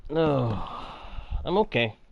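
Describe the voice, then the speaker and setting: A man giving casual, chatty commentary while playing a video game, talking to viewers in chat in a playful, animated way. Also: medium pitch, extremely slow, creaky, dull audio, slight background noise. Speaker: gaming channel host. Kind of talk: casual let's-play commentary.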